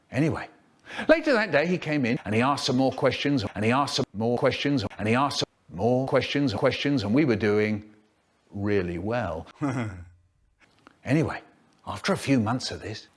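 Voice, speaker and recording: A man telling a children's story in a spliced comic edit, with drawn-out words and sudden squeaky jumps in pitch. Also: a bit bright.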